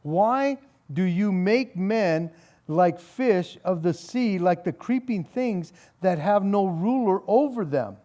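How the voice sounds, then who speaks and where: A man's voice: sits high, lively intonation, slow, warm tone. A male pastor giving a conversational Bible study. He reads scripture aloud, then explains it with wry sarcasm, chuckling and repeating words as he goes.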